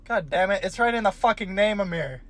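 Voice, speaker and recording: A young man in his early twenties argues his view on a laid-back podcast, blunt and sure of himself, cursing freely. His voice sits a bit higher than most men's. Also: expressive, brisk, fairly bright tone. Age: young adult. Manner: blunt, opinionated, swears freely. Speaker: podcast co-host. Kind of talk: casual chat.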